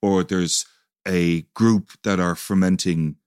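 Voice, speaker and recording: A man's voice: sits low, steady tone, a little mellow, clear, resonant tone, dry recording, clean studio sound. A man co-hosting a podcast, curious and questioning in casual chat. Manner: curious, questioning, quick to agree. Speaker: podcast co-host.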